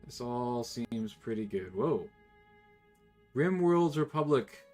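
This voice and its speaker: A young man casually commenting on his gameplay and reading game text aloud, excitable and swearing now and then. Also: mid-range voice, slow pace, soft background music. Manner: excitable, swears, reacts loudly.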